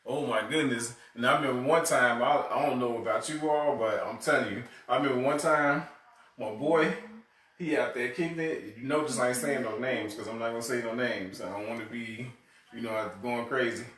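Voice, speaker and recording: A man's voice: medium pitch, fairly quick, a bit bright. A man telling funny family stories in casual chat and laughing often as he talks. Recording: echoey room, mic far off, faint noise.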